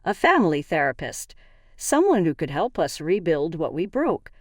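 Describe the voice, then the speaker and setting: A woman's voice: sits low, very animated, moderate pace, no room sound, clean studio sound. A woman narrating a story and voicing a tearful, remorseful middle-aged mother who pleads brokenly.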